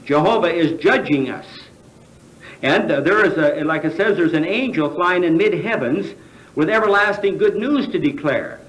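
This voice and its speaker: The recording carries the echo of a large convention hall, where an American man gives a sermon in a fairly high, expressive, slightly bright voice at a moderate pace. He throws rhetorical questions at the audience and fumbles with fillers.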